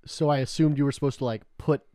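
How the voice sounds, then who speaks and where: A man's voice: mid-range voice, fairly even intonation, quick pace, mellow, dry recording, studio quality. A young man from Canada co-hosting a podcast, telling meandering stories full of "like" and cheerful swearing. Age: young adult. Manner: rambling storyteller, heavy filler "like", joking and swearing. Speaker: podcast co-host. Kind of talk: casual chat.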